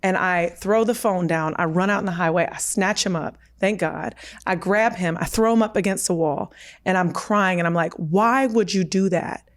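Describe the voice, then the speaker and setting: A woman's voice: lowish voice, moderate pace. A woman in her thirties telling a candid personal story on a podcast, emphatic, acting out what others said. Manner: emphatic, acts out quoted dialogue. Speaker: podcast guest.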